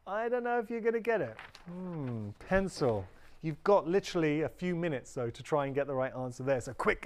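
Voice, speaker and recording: Chatty British man selling on live TV. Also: on the high side. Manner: chatty, upbeat, self-correcting. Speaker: shopping channel presenter. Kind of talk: live TV sales pitch. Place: TV studio.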